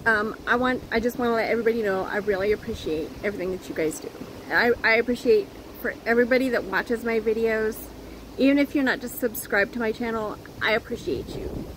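A woman chatting earnestly to her viewers as a crochet vlogger, halting and restarting as she goes. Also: on the high side, noisy background. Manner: earnest, heartfelt. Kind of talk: casual chat to viewers.

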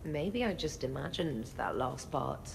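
A woman's voice: low-pitched, expressive, a little slow, creaky, slight background noise, exaggerated voice, low-quality recording. An actress playing a sheepish young female ship officer with a dry, self-deprecating manner, for a video game.

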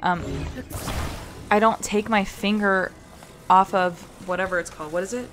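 A woman's voice: medium pitch, steady tone, normal speed, fairly bright tone, slight background noise. A woman streaming a video game on a close mic, casually commenting, talking to herself and swearing when frustrated. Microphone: close desk mic. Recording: game music behind.

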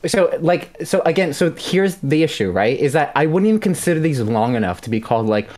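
A man's voice: fairly high pitch, sing-song, a little fast, a little mellow. A man in his late twenties calling in for relationship advice, rambling and stammering, with plenty of swearing. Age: 20s. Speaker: caller. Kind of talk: call-in on a stream.

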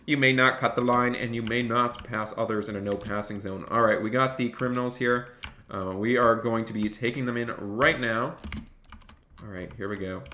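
Upbeat man streamer, bright echoey voice. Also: medium pitch, normal speed. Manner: upbeat, thanks donors, barks mock police orders. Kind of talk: live game stream commentary with police role-play. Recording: echoey room, faint noise.

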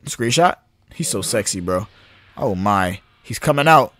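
Excitable young man narrating gameplay. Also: on the low side, a little slow, pauses often. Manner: animated, excitable, slangy. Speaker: gamer. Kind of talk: live gameplay commentary.

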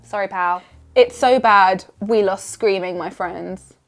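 A woman's voice: mid-range voice, slow, music in the background. A young woman from Surrey with a southern English accent, talking casually and sarcastically as she reads out comments. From Surrey, England. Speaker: singer and YouTuber. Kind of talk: casual vlog reading comments.

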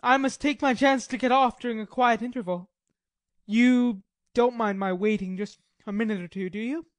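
A worn-out male Swiss mercenary, jumpy and wry yet unfailingly polite, read by a woman. The voice sits a touch high. It comes across dry and close, with no room around it. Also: fairly even intonation, normal speed, no room sound, close to an everyday voice. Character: weary hungry male Swiss mercenary soldier. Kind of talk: audiobook drama reading.

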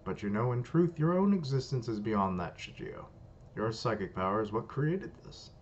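A man's voice: medium pitch, expressive, moderate pace, close to an everyday voice. A man voicing a smug, scheming male spirit, reading comic dialogue aloud in a coaxing, persuasive way. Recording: dull lo-fi, faint hiss.

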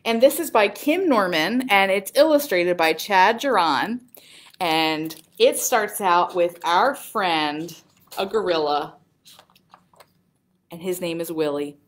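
Slow, animated storytime librarian woman. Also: on the low side. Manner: animated, sing-song, talks to young children. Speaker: children's librarian. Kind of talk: children's storytime reading.

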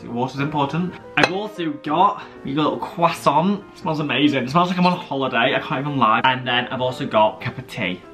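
A man's voice: mid-range voice, expressive, brisk, few pauses, sharp tone. A young man chatting playfully to the camera while cooking in his home kitchen for a food vlog. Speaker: vlogger. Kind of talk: casual food vlog chat. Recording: roomy, distant, over background music.

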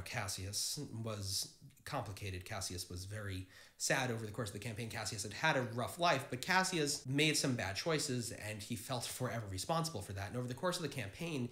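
Hosting a tabletop gaming channel, a man explains things to the camera in an earnest, encouraging way, addressing his viewers directly. His mid-range voice sounds pushed and bright, and the recording has a roomy echo.

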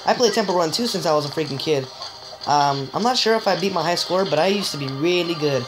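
A woman giving joking, excitable let's-play commentary, chatting straight to viewers and letting out sudden high yelps. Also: quick pace, poor audio. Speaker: gamer. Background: game music.

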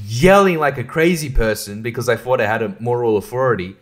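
A man's voice: mid-range voice, brisk. A man, hosting a casual solo podcast, rambling and swearing with frequent laughs, short on sleep. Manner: rambling, profane, laughing often. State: sleep-deprived. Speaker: podcast host.

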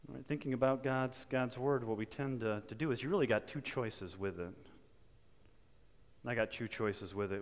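A male pastor preaching in a relaxed, conversational way, with folksy asides and frequent restarts. His voice sits at an ordinary middle pitch. A long church reverb trails after every phrase. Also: normal speed. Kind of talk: sermon. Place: church sanctuary.

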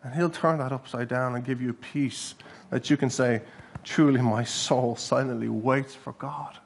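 A man preaching a sermon as a church pastor, earnest and animated, breaking into bursts of laughter as he talks. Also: mid-range voice, measured pace, creaky. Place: church hall.

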